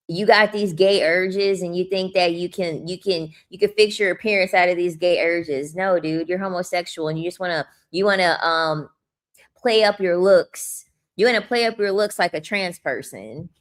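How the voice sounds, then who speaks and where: A young woman vlogging a blunt, profane, mocking rant to the camera. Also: medium pitch. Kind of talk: ranting commentary.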